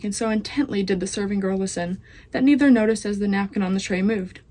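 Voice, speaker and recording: A woman's voice: medium pitch, darkish tone. A teenage girl, a student, reading chapters of a children's novel aloud. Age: teens. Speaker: student reader.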